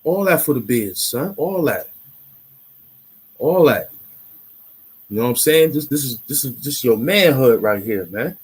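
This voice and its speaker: A husky-voiced man hosts his own online commentary show. He rants in a loud, mocking and animated way, hammering points home by repeating them, at a middling pitch. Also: unhurried, pauses often. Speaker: YouTube commentary host. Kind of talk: casual ranting commentary.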